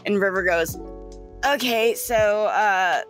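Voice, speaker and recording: Bright giggly woman game master. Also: mid-range voice, slow, soft background music. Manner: giggly, loose and conversational. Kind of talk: narrating a tabletop game.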